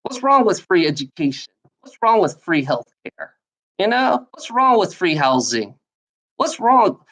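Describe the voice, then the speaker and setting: A woman's voice: lowish voice, big pitch swings, measured pace, fairly bright tone. Woman, angry solo rant to camera; profane, repetitive, confrontational. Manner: profane, repetitive, heated, addresses someone directly. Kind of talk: angry ranting monologue.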